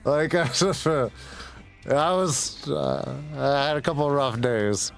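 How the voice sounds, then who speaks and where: A man's voice: mid-range voice, takes it slowly, creaky, soft background music. A young man telling blunt, profane stories with frequent laughter while gaming. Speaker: gaming streamer. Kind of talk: casual storytelling while gaming.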